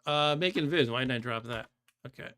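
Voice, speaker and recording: A man talks through his game on a live stream, thinking out loud and trailing off mid-thought. His voice is bright and crisp. He laughs often, reads chat aloud, and keyboard typing clicks along underneath. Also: medium pitch, brisk. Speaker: streamer playing a computer game. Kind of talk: casual live-stream commentary.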